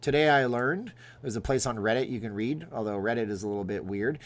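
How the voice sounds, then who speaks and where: A man's voice: mid-range voice, brisk. Rambling male livestream host. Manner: rambling, reads viewer names and comments aloud. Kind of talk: casual livestream chat.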